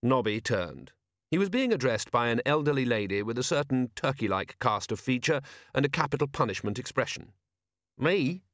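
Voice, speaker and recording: A man reading a novel aloud in steady, wry scripted narration. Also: medium pitch, fairly quick, no room sound, clean studio sound. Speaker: audiobook narrator.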